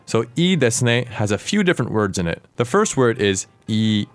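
A man hosting a podcast language lesson, explaining words clearly and asking his co-host questions. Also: mid-range voice, sing-song, quick pace, soft background music.

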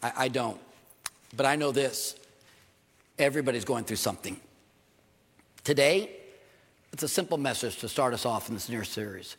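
A man's voice: mid-range voice, expressive, normal speed, creaky, long pauses, slightly rough. An older man preaching a sermon as pastor in church, earnest and emphatic, repeating key phrases. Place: church sanctuary. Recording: long hall reverb.

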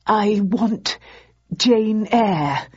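A woman's voice: mid-range voice, very slow, breathy edge, voice pushed up. A woman voicing a nervous, out-of-place man who stammers and hesitates, in slightly dull lo-fi audio. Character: nervous, out-of-place male intruder.

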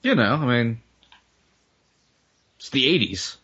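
Man, sarcastic movie commentary, lively pitch, husky, lo-fi. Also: slow. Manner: wry, sarcastic quips. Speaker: commentary co-host.

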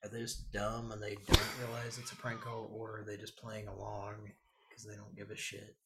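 A man's voice: on the low side, completely flat delivery, moderate pace, noisy background. A man hosting a live show, chatting casually with crude jokes and banter. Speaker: podcast host. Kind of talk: casual live-stream chat.

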